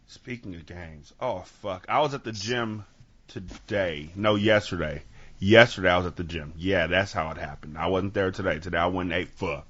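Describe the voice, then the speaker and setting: A man from Sacramento hosting a podcast, telling stories with lively acted-out quotes and casual swearing, on dull lo-fi audio. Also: low voice, normal speed. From Sacramento, California. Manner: animated storytelling, acts out quotes, swears freely. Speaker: podcast host. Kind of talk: casual chat.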